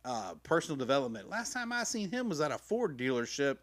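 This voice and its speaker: A man's voice: a little high, big pitch swings, a little fast, a bit bright. Rambling, slangy man podcasting. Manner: rambling, swears freely, slangy, acts out quotes. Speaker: podcast host. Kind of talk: casual personal storytelling. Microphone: podcast mic.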